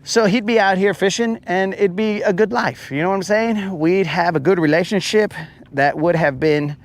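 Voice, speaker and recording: Fishing stream guy out on his boat, goofy rambling chat, lots of slang, voice a little on the high side. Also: moderate pace. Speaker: fishing livestream host. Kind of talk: casual chat. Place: boat on a lake, outdoors.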